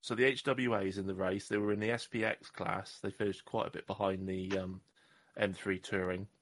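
A man's voice: sits low, little pitch movement, moderate pace. A man from southwest England co-hosting a podcast, rambling and joking at his own expense in casual chat. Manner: rambling, self-mocking, joking. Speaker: podcast co-host.

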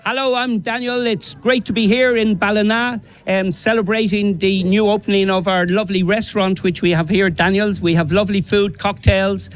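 A man's voice: high voice, steady tone, normal speed, few pauses, smooth, poor audio. A man from Ireland who owns a restaurant, with a powerful, strong voice, eagerly promoting his business in a live radio interview. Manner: eager, promotional, keeps saying "lovely". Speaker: restaurant owner.

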